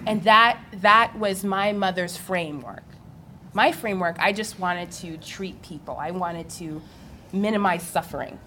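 A young adult woman on a live panel, telling her story in an animated way and laughing often. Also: on the low side, unhurried, slight background noise. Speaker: physical therapist on a panel.

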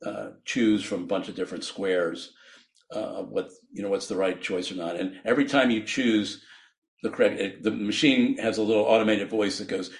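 A man, a physician guest on a podcast, explaining his ideas earnestly with frequent laughs and restarts. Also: fairly low pitch.

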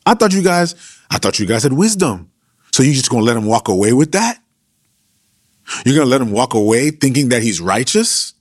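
A man's voice: mid-range voice, big pitch swings, a little fast, no room sound, clean studio sound, voice pushed up. A man voicing a brash, streetwise young male challenger who scolds in slangy, confrontational talk.

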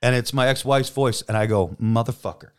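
A man's voice: medium pitch, brisk, very noisy. A middle-aged man, a police detective, telling his story on a podcast in a casual, profane way, acting out what people said. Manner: profane, animated storyteller, acts out quotes.

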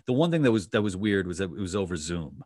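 A man's voice: low-pitched, very animated, fast, darkish tone, no echo, studio quality. A man hosting a podcast, telling a story in casual chat with many restarts and fillers. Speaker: podcast host.

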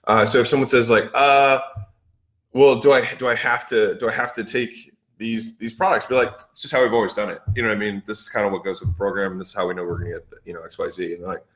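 A man's voice: on the low side, flat delivery, fast talker, fairly bright tone, roomy sound. Rambling man acting out old sales talks. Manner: rambling, filler-heavy, acts out past dialogue. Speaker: podcast host. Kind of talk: casual business talk.

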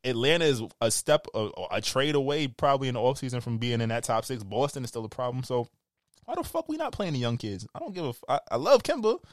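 A man with a New York accent rants on a podcast, animated and profane, his voice sitting at an everyday pitch. The sound is close and dry, with no room around it. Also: quick pace, no room sound. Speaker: podcast co-host. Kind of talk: casual podcast banter.

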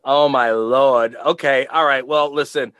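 A middle-aged man co-hosting a podcast, chatting casually, rambling and stammering with loud laughs. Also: medium pitch, fairly even intonation, measured pace, background noise. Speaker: podcast co-host. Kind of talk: casual chat.

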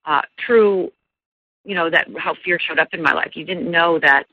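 A woman's voice: lowish voice, normal speed, no room sound, narrow, tinny audio. A middle-aged woman, a life coach, telling a personal story in an interview with earnest energy and many restarts.

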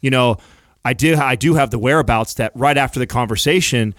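A man's voice: medium pitch, brisk, a bit bright, dry recording, studio quality. A man in a candid podcast talk, speaking earnestly and reflectively and swearing casually. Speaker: podcast host.

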